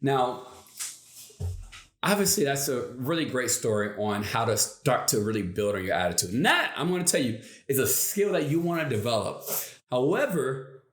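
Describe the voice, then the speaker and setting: A man's voice: mid-range voice, very animated, moderate pace, reverberant. A man hosting a motivational channel, telling a story in a casual, rambling way and acting out the lines he quotes.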